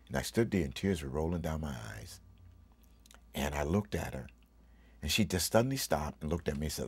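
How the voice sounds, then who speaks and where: A man's voice: a bass voice, lively intonation, fairly quick, long pauses, breathy edge, no room sound. A middle-aged man, a pastor, giving a heartfelt personal testimony with emphatic, preacherly delivery that turns emotional and tearful.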